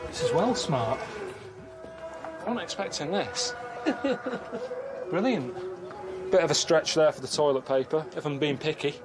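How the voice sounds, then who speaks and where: A man with a slightly raised voice, grumbling his way through a trip in dry, deadpan asides. He talks outdoors in a busy town, with music playing behind him. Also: on the high side, normal speed, pauses often. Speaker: travelling presenter. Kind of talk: casual travel-show commentary.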